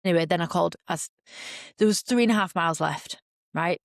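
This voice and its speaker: Woman podcasting, chatty and frank, bit of fry in her voice, dry close sound. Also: lowish voice, fast talker, dry recording. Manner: frank, chatty, replays her own reactions in quotes. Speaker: podcast host. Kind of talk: candid storytelling monologue.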